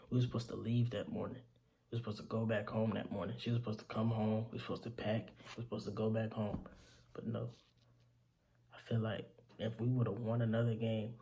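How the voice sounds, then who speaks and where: A grieving young man speaks in a low, gravelly voice with a dark tone, telling an emotional story to the camera. He halts, repeats himself, and calls the listener "bro," his voice sinking to near whispers in his grief.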